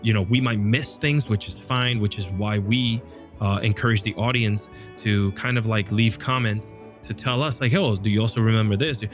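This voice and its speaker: A man's voice: fairly low pitch, moderate pace, faint music behind. A man hosting a podcast, chatting casually about films, often breaking off mid-thought and laughing. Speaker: podcast host. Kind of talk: casual film chat.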